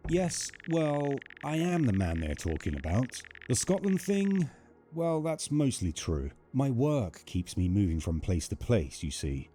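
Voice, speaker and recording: A man voicing a creepy, overfriendly male neighbor in a horror game, talking in a soft, unsettlingly sweet way. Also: mid-range voice, very animated, measured pace, faint music behind. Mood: creepy friendly.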